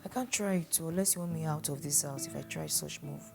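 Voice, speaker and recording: An actress playing a worried wife who speaks in hushed tones, with a Nigerian accent. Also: female voice, deep voice, quick pace, music in the background. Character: worried young wife afraid of her husband.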